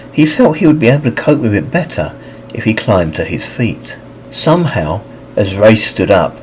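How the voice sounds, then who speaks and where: A man narrating a fantasy audiobook with expressive, scripted reading. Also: slight background noise, low-quality recording. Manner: expressive reading with lively pitch.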